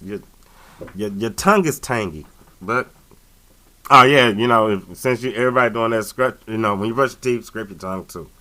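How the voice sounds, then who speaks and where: A man's voice: mid-range voice, sharp tone. A man hosting a casual talk radio show, rambling and joking with lots of fillers and restarts.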